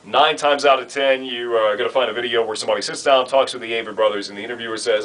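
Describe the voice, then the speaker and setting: A man training new radio announcers, talking in a relaxed, conversational way with frequent fillers. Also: medium pitch, fast, few pauses, rough recording. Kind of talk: instructional talk.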